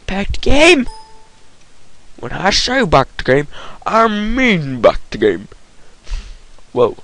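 A gaming commentator, a man with a cold, talks goofily and excitedly over his play. His voice is gravelly and swings widely in pitch. He talks slowly, and the recording is dry. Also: rough recording. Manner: goofy, excitable, yelps at the game. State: voice affected by a cold. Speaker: gaming YouTuber. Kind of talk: Minecraft gameplay commentary.

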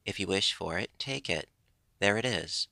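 A man voicing a kindly, generous old man in a storybook reading, speaking gently and fatherly. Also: fairly low pitch, animated, normal speed, vocal fry, dry recording, full character voice.

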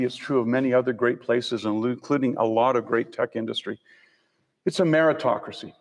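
Canadian professor lecturing in a reverberant hall. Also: male voice, medium pitch. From Canada (Saskatchewan). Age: older. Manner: conversational storytelling with dry humor. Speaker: university professor and senior officer, guest speaker. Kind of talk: public lecture with slides. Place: lecture room on a college campus.

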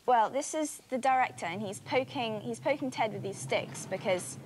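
A woman, an actress guest, answering questions in a friendly, relaxed way with occasional giggles. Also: on the high side, moderate pace, a little hiss or hum. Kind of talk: casual interview answers.

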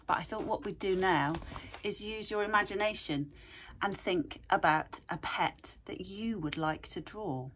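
A woman art teacher reading a picture book aloud and gently guiding young children to draw, asking them questions as she goes. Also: mid-range voice, unhurried, slight background noise.

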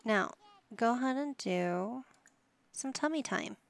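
A woman's voice: a little high, expressive, takes it slowly, gravelly. A woman hosting a life-sim gameplay video in casual commentary, directing her characters like a patient parent with wry, mildly exasperated asides. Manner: bossing game characters around like a patient parent. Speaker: gaming channel host.

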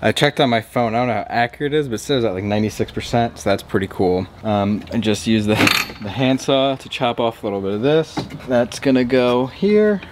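A man's voice: mid-range voice, expressive, fairly quick, hardly any pauses, slight background noise. A man vlogging in a casual, matter-of-fact way, explaining van electrical work step by step.

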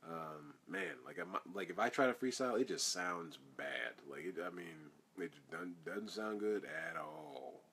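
A man's voice: deep voice, sing-song, a little slow, vocal fry, few pauses, a bit bright, breathy edge. A man, an actor, answering fan questions in a casual live Q&A, reading each question aloud and rambling through his answers.

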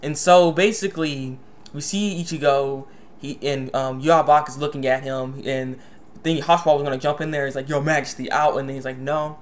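A young man giving a casual spoken manga review, excitable and stammering with many restarts. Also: mid-range voice, moderate pace.

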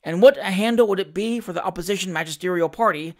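A reader narrating a classic comic novel as an audiobook, with an expressive, theatrical delivery. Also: mid-range voice, fast.

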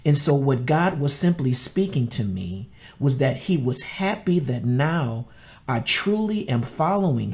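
Slow, mellow-voiced pastor preaching. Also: male voice, mid-range voice. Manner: slow, earnest storytelling with repetitions. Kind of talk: sermon.

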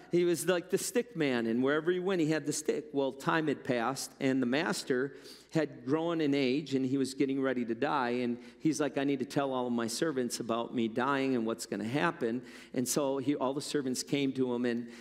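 A male pastor preaching a sermon in a conversational, storytelling way. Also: on the high side. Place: church. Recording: long church-hall reverb.

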